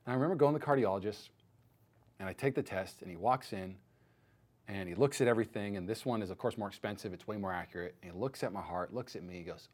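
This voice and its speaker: A man in his thirties preaching a sermon as pastor, telling a personal story with animated acted-out dialogue. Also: on the low side, fast talker. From United States. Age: 30s. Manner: animated storytelling, acts out quoted voices.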